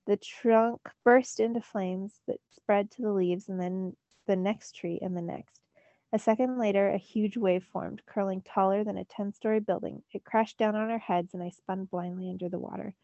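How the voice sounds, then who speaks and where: Woman teacher, storybook read-aloud, mellow warm voice, dry dull recording. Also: mid-range voice, moderate pace, no echo. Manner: expressive first-person narration. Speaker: teacher reading to students.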